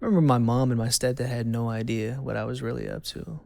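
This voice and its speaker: Casting: man in his twenties, gravelly yet smooth voice, candid testimony, dry close sound. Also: medium pitch, fast, darkish tone, no echo. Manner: candid, conversational, repeats phrases for emphasis. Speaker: host. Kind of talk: personal testimony.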